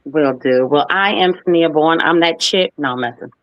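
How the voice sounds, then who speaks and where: Brief: playful, animated woman in her thirties, casual guest talk, dry muffled call audio. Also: sits low, normal speed, no echo. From United States. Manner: lively, playful, animated when retelling stories. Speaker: guest actress. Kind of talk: casual interview storytelling. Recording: dull lo-fi, dry sound.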